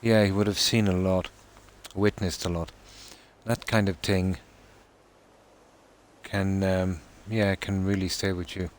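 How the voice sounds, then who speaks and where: An Irish man chatting casually on a live stream, reading out and answering viewer comments in a relaxed, talkative way. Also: low-pitched, slow, long pauses, slight background noise. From Ireland.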